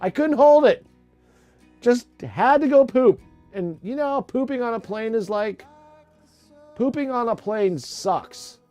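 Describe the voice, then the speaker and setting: A man's voice: very high-pitched, expressive, a little slow, pauses often, mellow, no echo, soft background music. A middle-aged man chatting casually on a livestream, rambling and joking crudely. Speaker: livestream host.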